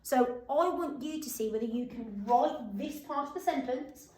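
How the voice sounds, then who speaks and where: Woman teacher, fairly high voice, echoey room, slow drawn-out dictation. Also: mellow, a little hiss or hum. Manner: slow, sing-song, drawn-out words for dictation. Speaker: primary school teacher. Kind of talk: phonics and writing lesson for young children.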